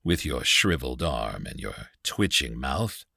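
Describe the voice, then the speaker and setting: A man's voice: extremely low pitch, very animated, a little slow, gravelly, bright, forceful tone, breathy edge, no room sound, studio quality, voice pushed down, exaggerated voice. Man voicing a cackling, scornful old father. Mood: mocking. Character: mocking, crude tribal father, middle-aged.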